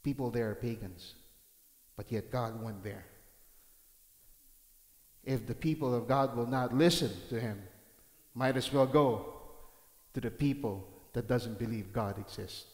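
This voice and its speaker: A male pastor delivering a sermon, reading scripture aloud and breaking into dramatic shouted reenactments. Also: mid-range voice, unhurried, long pauses. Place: church hall. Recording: roomy church hall with long reverb.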